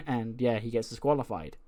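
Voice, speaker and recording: A man's voice: medium pitch, expressive, moderate pace, warm tone. A man narrating a wrestling management game in a chatty way, laughing often as he goes. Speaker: gaming video host.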